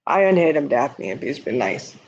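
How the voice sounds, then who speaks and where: A man's voice: a little high, big pitch swings, moderate pace, slightly rough. A man hosting a casual livestream, reading viewer comments and talking bluntly and candidly, often laughing at his own remarks. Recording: dull lo-fi stream audio.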